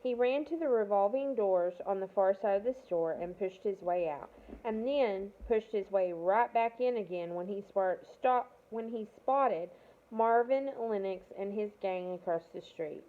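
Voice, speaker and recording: A woman's voice: medium pitch, measured pace. Woman reading a novel aloud, tinny sound. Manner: stumbles and corrects herself mid-sentence. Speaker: reader of a novel. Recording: tinny phone-like audio.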